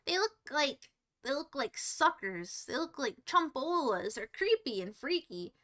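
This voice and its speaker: A young woman talks to her live-stream viewers in a high, bright voice. She rambles playfully from one silly topic to the next and pokes fun at herself as she goes. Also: sing-song, measured pace. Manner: silly, rambling, self-mocking, jumps between topics. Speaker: livestreamer.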